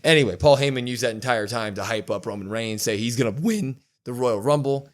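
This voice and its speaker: A man co-hosting a podcast, retelling a wrestling show in a casual, animated way, quoting what was said. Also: medium pitch, fairly quick. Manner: animated storytelling, quotes wrestlers. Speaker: podcast co-host. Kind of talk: casual wrestling recap chat.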